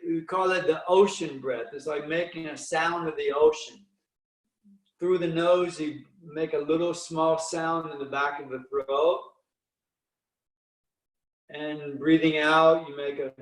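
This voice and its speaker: Man, breathing instructor, slow calm counting, fairly high voice, roomy echo. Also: far from the mic.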